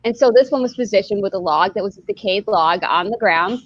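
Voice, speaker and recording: A woman's voice: medium pitch, fairly quick, no room sound, highs cut off. A woman hosting a podcast who tells a story casually, rambling with lots of "like" and laughter. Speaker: podcast host.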